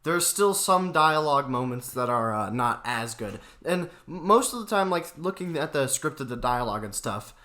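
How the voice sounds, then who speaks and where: A young man with a bright, forward voice hosts a relaxed movie chat. He rambles loosely and leans on fillers as he feels his way toward each point. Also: medium pitch, moderate pace, hardly any pauses, soft background music. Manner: rambling, heavy use of "like" and fillers. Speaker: channel host. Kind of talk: casual movie review chat.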